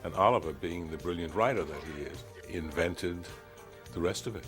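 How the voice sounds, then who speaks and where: A measured man with a very deep voice explains how a film was made in an archival interview. Faint music runs underneath him.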